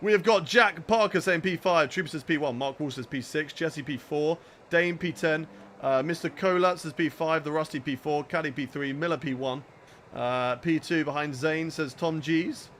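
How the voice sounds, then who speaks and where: A man's voice: on the high side, moderate pace, slight background noise. A man with a southern English accent streaming a racing game, joking and chatting energetically with his viewers. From southern England. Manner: energetic, jokey, chats to viewers. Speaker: gaming streamer. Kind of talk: live gameplay commentary chatting with viewers.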